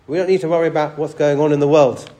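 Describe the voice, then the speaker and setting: A man's voice: a little high, steady tone, fast, mellow, reverberant. A man preaching a sermon, conversational, often asking the church rhetorical questions and repeating words as he restarts. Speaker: pastor.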